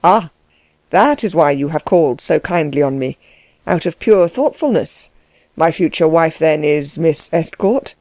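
A woman voicing a calm, unflappable gentleman who speaks in a cool, measured, ironic way. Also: sits low, no room sound, clean studio sound. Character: calm, dry-witted gentleman, kindly and unflappable. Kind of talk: audiobook character voice.

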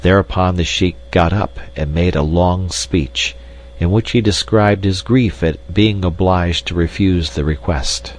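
A man reading a storybook aloud in a measured, even way. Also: sits low, poor audio. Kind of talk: audiobook narration.

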